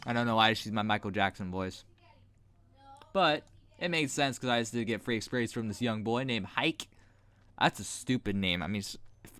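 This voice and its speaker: A man's voice: medium pitch, expressive, normal speed, a bit bright, no room sound. A man giving blunt, rambling, sarcastic commentary while playing a game at his computer mic. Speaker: gaming video host. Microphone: desk mic while gaming.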